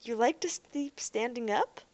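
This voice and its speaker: A woman playing calm coaxing young woman. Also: fairly high pitch, unhurried, pitched above the performer's own voice, lightly acted. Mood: sympathetic. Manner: soothing, coaxing.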